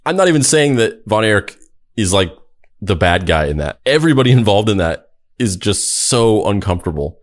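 Low-voiced, wry male podcast narrator. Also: big pitch swings, fairly quick. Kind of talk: casual commentary and scripted narration.

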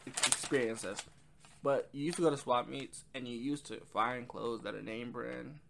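Man, casual music review talk, rambling, lots of ums, mid-pitched voice. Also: gravelly, a bit bright, a little hiss or hum. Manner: rambling, quotes lyrics, frequent ums and rights. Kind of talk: casual album breakdown.

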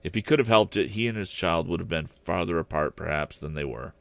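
A man narrating a classic story aloud in an expressive, deliberate reading style. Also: low-pitched, vocal fry, no echo. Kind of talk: audiobook narration.

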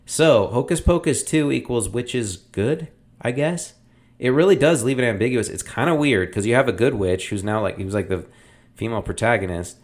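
A man's voice: mid-range voice, expressive, moderate pace. A man hosting a casual movie review, talking in a rambling, opinionated way with lots of fillers. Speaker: podcast host reviewing films.

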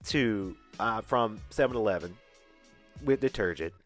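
A man's voice: fairly low pitch, a little slow, soft background music. A man from Atlanta hosting a podcast, telling a story in a casual, emphatic way and acting out the dialogue. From Atlanta, USA. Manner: animated, emphatic retelling with quoted dialogue. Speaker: podcast host.

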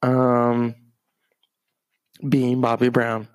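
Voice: mid-range voice, monotone, drawn-out words, dry recording. A streamer rambling through a profane, meandering story in a casual monologue.

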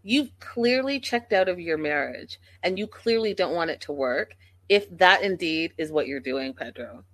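A woman's voice: fairly low pitch, normal speed, no echo. Sassy woman recapping reality TV. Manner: animated, sassy, acts out quotes in exaggerated voices. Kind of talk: casual recap commentary.

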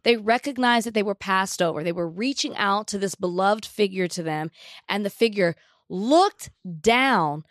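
A woman's voice: medium pitch, animated, normal speed, no room sound, studio quality. A woman co-hosting a casual talk show, telling a personal story in an earnest, emphatic way. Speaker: co-host. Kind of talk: casual chat.

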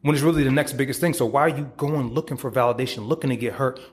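A man's voice: mid-range voice, fairly even intonation, rapid-fire. A man hosting a podcast, giving a casual, profane motivational monologue and acting out quoted voices. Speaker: podcast host.

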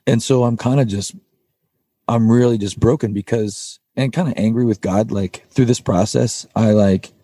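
Man, podcast guest, very dark husky voice, earnest and rambling. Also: fairly low pitch, moderate pace, no echo. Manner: earnest, rambling, frequent restarts. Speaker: podcast guest, band vocalist. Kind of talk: candid personal storytelling.

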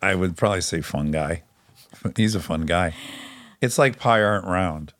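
Man, middle-aged, very low voice, podcast host, casual joking chat, dry sound. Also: normal speed, no room sound. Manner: joking, animated, swoops up in pitch.

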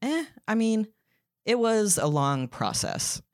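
A woman's voice: medium pitch, takes it slowly, no room sound. Candid trans woman on a dry podcast mic. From American South. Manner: candid, animated when retelling exchanges. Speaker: podcast guest. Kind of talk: casual podcast conversation.

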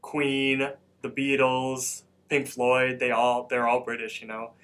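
A man's voice: mid-range voice, completely flat delivery, takes it slowly, a bit bright. A young man co-hosting a podcast, retelling a cartoon episode in loose casual chat full of "like" and "um". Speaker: podcast co-host.

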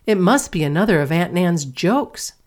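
A woman's voice: on the low side, lively intonation, normal speed, natural voice. A woman reading aloud, voicing a polite, hospitable young girl in a storybook. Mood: apologetic. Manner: earnest and hospitable. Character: warm well-mannered young girl.

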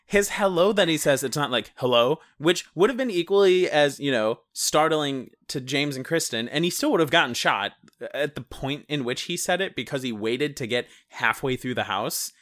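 A man co-hosting a podcast, chatting casually about a movie and retelling scenes in a rambling, animated way, swearing and laughing often. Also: fairly high pitch, moderate pace. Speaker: podcast co-host reviewing a movie. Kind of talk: casual chat.

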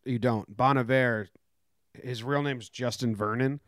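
A man co-hosting a casual talk show, wry and animated, mock-singing snippets as he talks. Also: medium pitch, measured pace, no echo, studio quality. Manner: wry, animated storyteller, mock-sings bits. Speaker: podcast co-host. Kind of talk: casual chat.

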